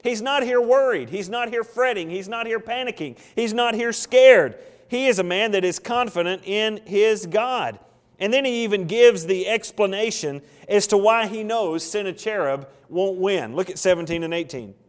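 Male pastor, conversational preacher, high-ish voice, long church reverb. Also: normal speed. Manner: conversational preaching, acts out quoted prayers. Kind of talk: expository sermon. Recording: long reverb of a large hall.

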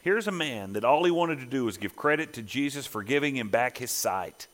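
A man preaching a sermon as pastor, swelling to emphatic peaks and dropping to quiet asides. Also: medium pitch, lively intonation, a little fast, in a large hall. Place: church sanctuary.

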